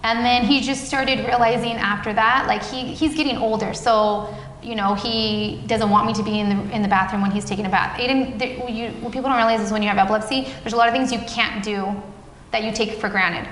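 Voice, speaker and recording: A woman's voice: a little high, fairly even intonation, brisk, a bit bright. A woman guest in a casual interview, telling her story with animation and acting out the dialogue she quotes. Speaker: guest, parent of a child with epilepsy. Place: café. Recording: echoey, reverberant café room with faint background noise.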